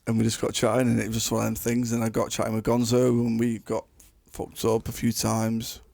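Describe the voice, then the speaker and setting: A man's voice: lowish voice, monotone, brisk, vocal fry, darkish tone, no room sound. A man, a musician guest telling laid-back, sweary stories in casual chat.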